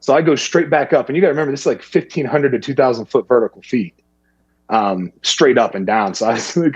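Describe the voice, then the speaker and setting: A man's voice: medium pitch, quick pace, slightly rough, dry recording, dull audio. A man, casually telling a hunting story and acting out what people said to him. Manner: animated, acts out other people's lines in a raised voice.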